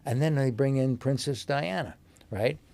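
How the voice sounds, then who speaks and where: A man's voice: mid-range voice, moderate pace, gravelly, darkish tone. An older American man from New York, a guest telling rambling stories with many fillers and chuckles. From New York, USA. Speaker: interview guest, actor. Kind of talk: casual anecdotal storytelling.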